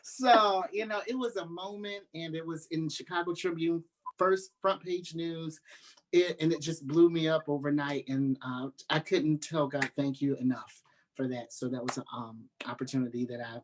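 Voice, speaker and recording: Animated gospel singer talking, a man. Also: normal speed. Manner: animated storyteller, acts out quotes in a high voice. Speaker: gospel singer, interview guest. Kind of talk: casual interview talk.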